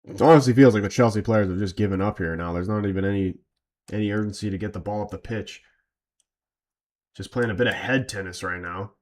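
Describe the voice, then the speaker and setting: Sleepy dude doing a footy watchalong, chatting and calling the plays, loose slangy talk. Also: male voice, lowish voice, fairly quick, a little mellow. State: tired from little sleep. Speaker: fan watch-along streamer. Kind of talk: casual chat and live play-by-play.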